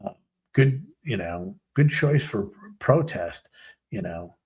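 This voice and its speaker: A man with a low, gravelly voice and a husky edge rants as a talk show host. He rambles sarcastically and sounds exasperated. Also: expressive, takes it slowly, darkish tone. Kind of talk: ranting commentary.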